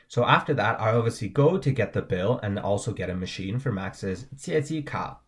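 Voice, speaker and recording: Guy teaching words and tones, kinda low voice, keeps saying "right?". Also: animated, moderate pace. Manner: patient, repeats "right?" often. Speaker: language teacher. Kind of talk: explaining vocabulary and tones.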